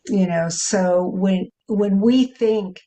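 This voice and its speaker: A woman speaks at an unhurried pace in a spiritual study group. She is animated and laughs easily, and she lifts her voice to act out the lines she quotes. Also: mid-range voice. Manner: animated, laughing often, quoting with lively emphasis. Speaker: group participant.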